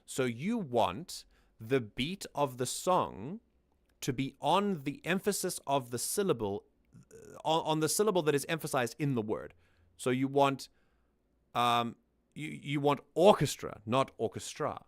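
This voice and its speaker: A man's voice: medium pitch, animated, unhurried, no echo. Male host, casual music analysis, mid-range voice, dry sound, thoughtful and explanatory. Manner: thoughtful, explanatory, often restarts mid-sentence; sings lines back to demonstrate.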